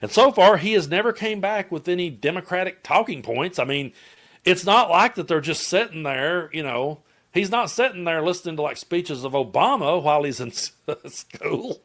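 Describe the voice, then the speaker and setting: A man's voice: a little high, animated, normal speed, fairly bright tone. Blunt Appalachian man ranting casually. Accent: Southern US, Appalachian. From Tennessee, US. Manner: rambling, blunt, profane storytelling. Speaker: political commentator. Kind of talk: casual political commentary vlog.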